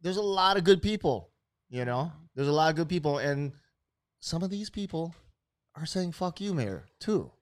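A man's voice: a little high, moderate pace, dry recording. Brash swearing man. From Hawaii. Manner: brash, swearing, animated bursts. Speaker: host. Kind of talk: casual profane chat.

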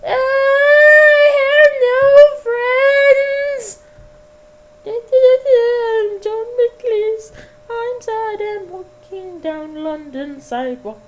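Woman putting on a young man, whiny, self-pitying, unhurried, highish voice, amateur radio skit. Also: a little hiss or hum. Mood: sad. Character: scrappy young man wandering a city sidewalk.

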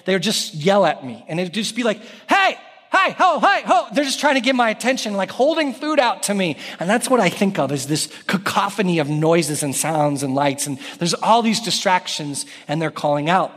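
A pastor in his thirties preaches with animated energy, calling out lines of scripture. His voice sits fairly high for a man. It rings through a church hall with long reverb. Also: normal speed, hardly any pauses. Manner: animated, calls out scripture loudly. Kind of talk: sermon. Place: church sanctuary.

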